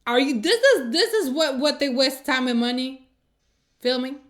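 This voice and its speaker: A woman's voice: high voice, moderate pace, fairly bright tone. Sarcastic woman reacting to a show. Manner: blunt, sarcastic, exasperated. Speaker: reaction video host. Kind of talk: casual reaction commentary.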